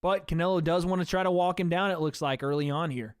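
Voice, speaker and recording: A livestream host narrates a fight blow by blow at a quick pace, his fairly high voice smooth and his commentary loose and chatty. He keeps addressing viewers as "guys," and the audio is dry and close with no room echo.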